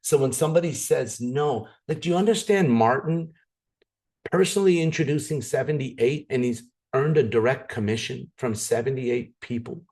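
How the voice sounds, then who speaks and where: A man giving a motivational sales training talk, animated, acting out scenes and repeating words for emphasis. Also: mid-range voice, normal speed.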